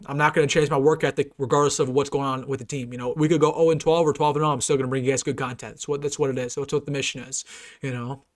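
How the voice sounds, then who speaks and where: A young man hosting a sports fan channel, ranting casually and earnestly with many restarts and repeated phrases. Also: fairly high pitch. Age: young adult. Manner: earnest and repetitive, many restarts, turns loud and taunting. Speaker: sports YouTuber and host. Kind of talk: casual fan rant to a live stream.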